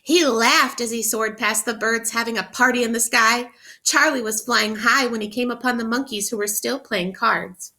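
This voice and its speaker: A woman teacher reading a picture book aloud to children, expressively, pausing to ask them questions. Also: a little high, bright, forceful tone. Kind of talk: interactive read-aloud for children.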